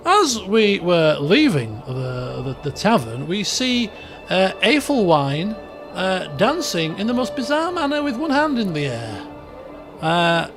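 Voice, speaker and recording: A man with a fairly high voice narrates a strategy game as a roleplay story. He is chatty and rambling, slips between reading story text and offhand asides, and trips over his words. Faint music runs underneath. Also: big pitch swings, measured pace. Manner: chatty, rambling, often restarts and chuckles. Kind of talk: casual let's-play roleplay narration.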